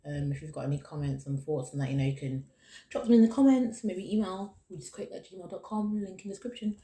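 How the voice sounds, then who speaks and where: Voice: medium pitch, brisk, dark tone. Earnest, encouraging solo podcast host. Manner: earnest and encouraging, repeats key phrases.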